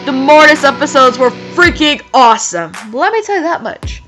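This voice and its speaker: Her high voice is animated and sharp-toned, moving at normal speed, though the audio is poor. She reads fan fiction aloud as comedy, laughing often and interrupting with mocking remarks while guitar music plays behind her.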